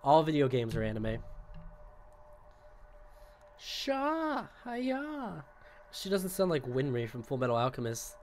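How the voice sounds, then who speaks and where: A young man streaming a video game, talking casually with excitable outbursts, rambling asides and a lot of swearing. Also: mid-range voice, fast talker, hardly any pauses, a little hiss or hum. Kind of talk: casual gaming commentary.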